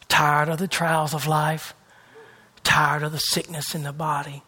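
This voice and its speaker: A man delivering a sermon in a high, bright voice. He drives his points home through repeated phrases. He swings between loud, fervent bursts and near-whispered hushes. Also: flat delivery, a little slow, slightly rough. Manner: repetitive, emphatic preaching cadence. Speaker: preacher.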